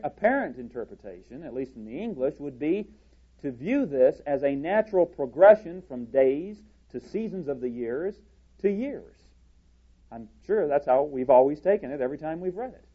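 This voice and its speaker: A man preaching a sermon from a church podium, deliberate and halting, with frequent restarts. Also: on the high side, slightly rough, highs cut off.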